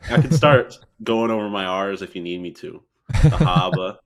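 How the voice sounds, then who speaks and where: A man's voice: lowish voice, animated, moderate pace, a crowd in the background. A young man in his twenties, a podcast guest chatting casually and rambling with many restarts. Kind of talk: casual chat.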